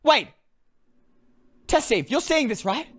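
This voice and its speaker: A woman giving chatty, animated let's-play commentary to her viewers, often exclaiming in excitement. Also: medium pitch, normal speed, slight background noise. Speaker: gaming video creator.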